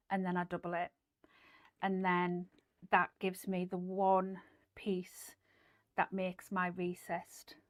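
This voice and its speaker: A middle-aged woman hosting a casual sewing livestream, chatty and rambling, with lots of ums and likes as she demonstrates and answers viewers. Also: mid-range voice. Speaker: host.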